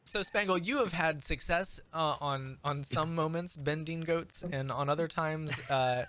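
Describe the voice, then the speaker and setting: A man running a tabletop game as game master, joking and chuckling, with lots of halting fillers. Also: on the high side, a bit bright, a little hiss or hum.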